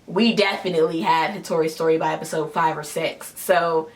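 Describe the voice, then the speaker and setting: A woman's voice: deep voice, fairly even intonation, fairly quick. A woman hosting a casual review chat, giving her opinions in a loose, conversational way. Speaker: host.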